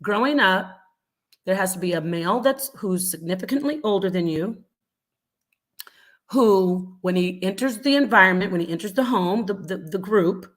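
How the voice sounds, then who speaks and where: Animated woman talking to her chat. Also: medium pitch, moderate pace. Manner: animated, acts out quoted voices, repeats points. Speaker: host answering live chat. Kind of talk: casual live-stream commentary.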